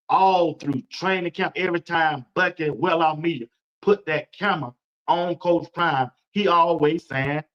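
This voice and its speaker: A man hosting a casual sports talk stream, animated, repeating his points and imitating crowd noises. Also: sits high. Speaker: sports talk show host. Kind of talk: casual sports commentary to viewers. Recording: dull lo-fi stream audio.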